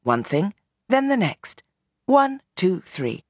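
A woman voicing a calm, commanding young woman who leads a group, speaking in an easy tone with a smile in it. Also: extremely low pitch, normal speed, no room sound, studio quality, voice pushed down.

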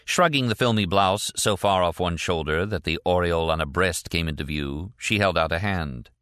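Male audiobook narrator, measured, low voice, dry close recording. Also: smooth, no room sound. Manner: measured, even storytelling.

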